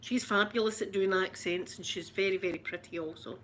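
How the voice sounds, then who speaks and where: Scottish lady rambling away to her chat, bright lively voice, lots of laughing. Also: medium pitch, brisk, few pauses. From Scotland. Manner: chatty, rambling, laughs often. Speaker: ASMR livestream host. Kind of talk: casual chat to live viewers.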